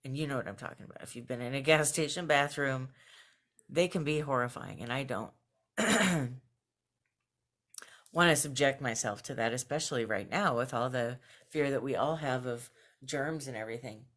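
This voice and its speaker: A young woman chatting casually in a home video journal, laughing between phrases and getting animated when she quotes herself. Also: extremely low pitch, moderate pace. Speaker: vlogger. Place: at home with her cat nearby.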